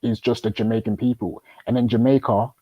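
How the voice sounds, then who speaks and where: A man's voice: medium pitch, steady tone, a little fast, warm tone, no echo, dull audio. A man arguing in a casual debate, probing with questions and stumbling through many restarts. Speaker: host.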